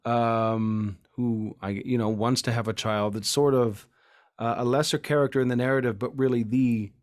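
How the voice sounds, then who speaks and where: A man with a mid-range voice co-hosts a casual Bible discussion podcast. He explains the historical context thoughtfully and often pauses with fillers. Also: medium pitch, steady tone. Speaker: podcast co-host.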